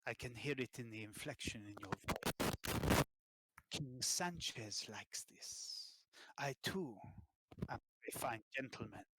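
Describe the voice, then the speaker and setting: A man voicing a refined, proud, self-made gentleman who speaks in a slow, formal, hushed way. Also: medium pitch, a little hiss or hum, rough recording.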